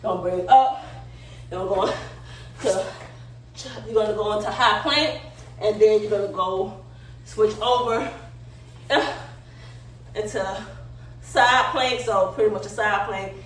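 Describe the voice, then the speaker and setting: A woman's voice: medium pitch, a little slow, long pauses, a little hiss or hum. An out-of-breath woman, chatting casually and laughing often as she demonstrates yoga poses for her vlog. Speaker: vlogger. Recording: very echoey room, somewhat far from the mic.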